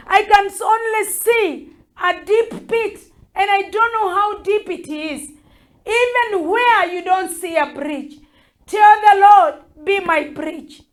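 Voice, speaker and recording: A woman bishop preaches in a very high voice. She speaks slowly and fervently, repeating each urging as she leads the prayer. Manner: fervent, repetitive exhortation. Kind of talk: prayer sermon.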